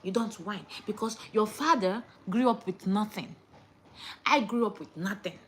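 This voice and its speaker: A young woman, lecturing viewers in a casual chat to camera and swinging between loud outbursts and hushed asides. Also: mid-range voice, moderate pace, a little hiss or hum. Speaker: vlogger.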